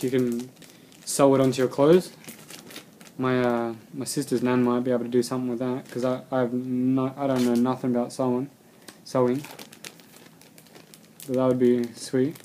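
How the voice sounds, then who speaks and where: A man's voice: mid-range voice, a little mellow, slight background noise. Rambling young guy unboxing. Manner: rambling, swears casually, mutters to himself. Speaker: vlogger unboxing a subscription box. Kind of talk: casual unboxing commentary.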